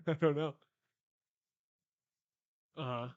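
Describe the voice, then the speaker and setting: A man's voice: on the high side, steady tone, extremely slow, a little mellow, no echo, lo-fi sound. A man chatting casually on a live stream, rambling and joking as his sentences trail off, speaking into a handheld microphone at home. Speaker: stream co-host getting a haircut.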